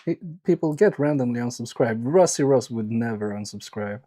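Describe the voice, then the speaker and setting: A man's voice: medium pitch, animated, normal speed, dark tone. A man chatting casually on a live stream while repairing electronics, joking and teasing his viewers in a self-mocking way.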